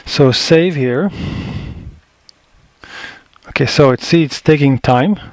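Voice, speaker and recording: A man's voice: on the high side, slow, a little mellow, dry recording. A man giving a casual step-by-step tutorial, thinking aloud as he works, picked up by a camera microphone in a small indoor workspace. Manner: thinking aloud, frequent restarts and fillers. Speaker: color management instructor. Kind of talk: casual screen-recorded tutorial.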